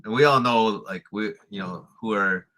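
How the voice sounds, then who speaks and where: A man giving a relaxed spoken language lesson, explaining with fillers and repeating example words slowly. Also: on the low side, slight background noise. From Lakota community in the US. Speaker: language teacher.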